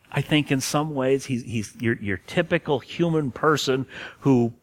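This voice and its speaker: A man's voice: medium pitch, fairly bright tone. A man teaching a passage of scripture in an earnest way, stressing key words and sometimes restarting phrases. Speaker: preacher. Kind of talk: expository Bible teaching.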